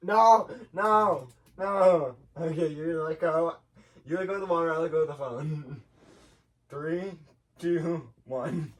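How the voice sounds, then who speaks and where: A man's voice: fairly high pitch, slow. A young man co-hosting a casual podcast, giggly, teasing and rambling. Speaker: podcast co-host. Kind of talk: casual chat.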